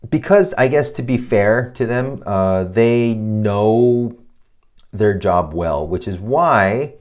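A man's voice: lowish voice, darkish tone. Profane ranting podcast host, a man. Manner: swears a lot, ranting, mocks clients in put-on voices. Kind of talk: casual profane advice monologue.

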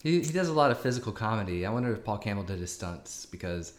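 A man's voice: on the low side, animated, quick pace. A man co-hosting a casual movie review chat, thoughtful, with hesitant restarts. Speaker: podcast co-host.

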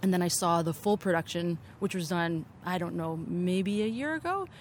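A woman's voice: on the low side, animated, moderate pace, a little hiss or hum. A woman choreographer chatting in an interview outdoors, upbeat and full of "like" fillers. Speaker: choreographer and assistant director. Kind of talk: casual interview chat. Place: open-air theatre venue, outdoors.

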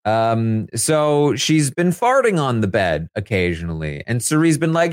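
A man's voice: fairly high pitch, big pitch swings, normal speed, few pauses, dry recording, studio quality. A man hosting a casual recap of a reality show, chatty and full of fillers, laughing as he talks. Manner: chatty, filler-heavy, laughs while talking. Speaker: live feed recap host.

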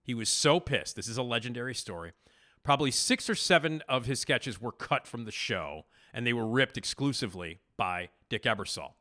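A man hosting a podcast, casually retelling a TV backstage story with animated emphasis and frequent fillers. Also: mid-range voice, normal speed. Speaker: podcast host.

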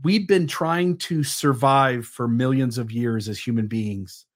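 A man's voice: mid-range voice, measured pace. A man in his mid-forties with a mid-range voice talks as a podcast guest. He explains his ideas at length, thoughtfully and with occasional fillers. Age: 40s. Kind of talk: conversational interview.

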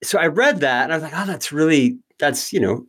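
Male podcast host, casual interviewer, self-deprecating and quick with asides. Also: fairly high pitch, lively intonation, a bit bright, breathy edge.

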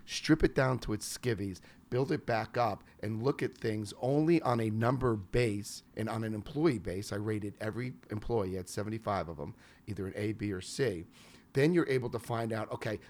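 Man from New York, investor, lively storytelling, slightly low voice. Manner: animated anecdotes with quoted voices. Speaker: business consultant and investor. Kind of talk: storytelling interview answers.

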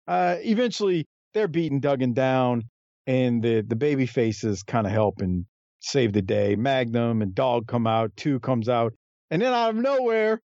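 A man's voice: mid-range voice, measured pace, no room sound, dull audio. A man co-hosting a podcast, chatting casually about a wrestling match and acting out the wrestlers' lines. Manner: animated, acts out wrestlers' lines in a raised voice.

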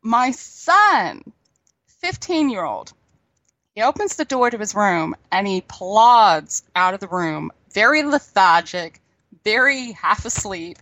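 A middle-aged woman talks in a loose, chatty way and laughs easily. Her voice sits at an ordinary pitch. The sound is dry, with no room echo. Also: fairly bright tone. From New Zealand. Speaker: guest. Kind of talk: casual chat.

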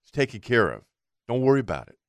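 A man's voice: medium pitch, quick pace, dry recording. A man co-hosting a radio talk show, telling a long story in a casual way and acting out what people said. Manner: animated anecdote teller acting out quotes.

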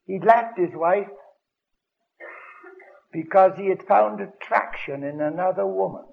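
Older male evangelist, high gravelly voice, dramatic storyteller; dull old broadcast sound. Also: a little slow. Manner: dramatic storytelling with sudden loud bursts. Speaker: evangelist preacher. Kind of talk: radio broadcast sermon.

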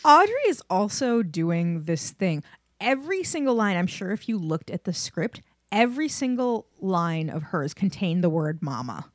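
A woman with a mid-pitched voice that moves a lot, chatting and teasing her co-hosts. Her asides are quick and wry. The recording is dry and close. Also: big pitch swings, dry recording. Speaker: podcast co-host. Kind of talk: casual chat recapping a TV episode.

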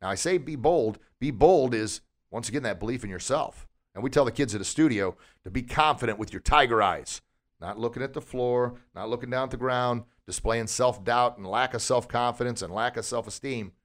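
Energetic motivational man hosting a podcast. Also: mid-range voice, a little fast. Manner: energetic, preachy, full of rhetorical questions. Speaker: podcast host and martial arts instructor.

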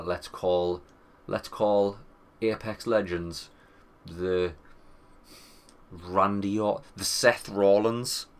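A young man chatting casually about video games in a rambling, sweary, wry way. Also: on the low side. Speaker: gaming commentator. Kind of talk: casual gaming chat.

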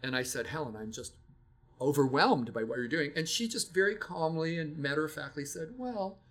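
A man's voice: a little high, brisk, fairly bright tone. An older man, a music educator, talking casually and reflectively about teaching children to sing, telling stories with frequent restarts.

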